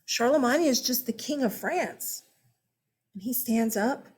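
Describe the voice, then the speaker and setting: An American woman giving a casual, animated history lesson, chatty and full of asides and check-ins. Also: a little high, unhurried, breathy edge. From United States. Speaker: history teacher. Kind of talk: casual classroom-style lecture.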